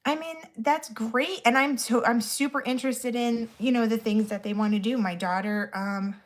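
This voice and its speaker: A woman's voice: a little high, steady tone, moderate pace. A woman in her thirties chatting casually while doing her makeup, blunt and chatty, swearing freely. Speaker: vlogger.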